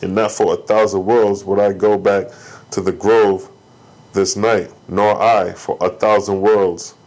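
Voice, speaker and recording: A man's voice: fairly low pitch, level tone, unhurried, a little mellow, low-quality recording. A frightened young scribe, read by a man. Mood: fearful. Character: frightened scribe son, anxious.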